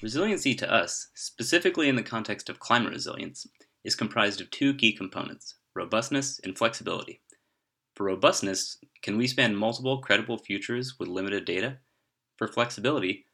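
Bright-toned man reading a script. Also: lowish voice, lively intonation, fairly quick. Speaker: podcast host. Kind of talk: scripted narration.

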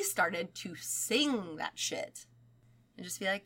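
A young adult woman co-hosting a podcast, telling a creepy story in casual chat, animated and swearing freely. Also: medium pitch, moderate pace. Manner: animated, swearing, acts out quoted voices. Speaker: podcast co-host.

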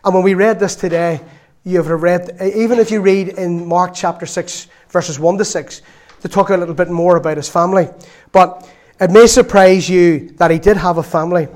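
A man's voice: high voice, steady tone, normal speed, a little mellow. A man preaching a sermon in a chatty storytelling way, with laughs and asides.

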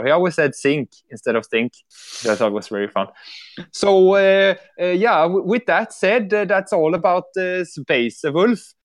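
Swedish male podcast host, loose and rambling, swears freely, many fillers. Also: a little high. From Sweden. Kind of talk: casual chat.

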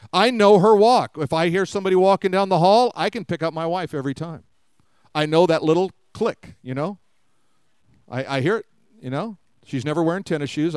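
A man's voice: fairly high pitch, darkish tone, clear, resonant tone, no room sound. A man preaching a conversational sermon to a live congregation, often asking them questions. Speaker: pastor. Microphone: live-streamed service mic.

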